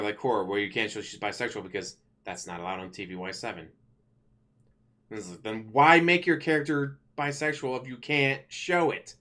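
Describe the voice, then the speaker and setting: A man with an ordinary mid-range voice rants casually into the camera. He complains in an animated way and drops swear words freely. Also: medium pitch. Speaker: vlogger. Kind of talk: casual ranting commentary.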